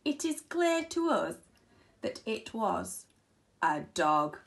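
Two knowing flies in a storybook, drawn-out and deliberate, put on by a woman reading aloud. The voice sounds set back from the listener and swoops between high and low. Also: sing-song, vocal fry, heavily acted. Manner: slow and deliberate, pronouncing a verdict. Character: pair of buzzing flies, knowing.

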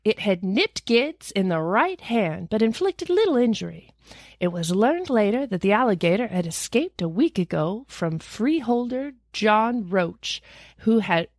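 A woman's voice: measured pace, no echo, clean studio sound. A young adult woman co-hosting a podcast, telling stories in casual chat and reading news clippings aloud with playful asides. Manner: animated, swoops into high squeals for emphasis. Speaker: podcast co-host.

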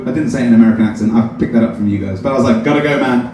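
A young English man doing stand-up, telling a self-deprecating story in an animated way. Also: medium pitch, rapid-fire. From England. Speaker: stand-up comedian. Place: open mic at a coffee shop. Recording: distant mic in a very echoey room with noise.

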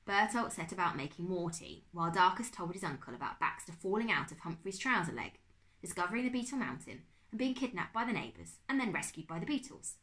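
A woman teacher reading a children's novel aloud to her class in an expressive, animated way. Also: lowish voice, fairly quick.

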